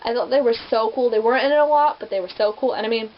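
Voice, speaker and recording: A woman's voice: fairly high pitch, rapid-fire. A young woman reviewing movie adaptations in a casual vlog, chatty and rambling, full of "like" fillers. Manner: chatty, rambling, heavy use of "like". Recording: dull lo-fi with faint hiss.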